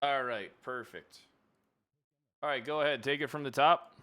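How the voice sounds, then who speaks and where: Easygoing man with a smooth voice. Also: mid-range voice, moderate pace, fairly bright tone. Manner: easygoing, teasing. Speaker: police officer taking a report in a role-play game. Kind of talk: casual role-play chat.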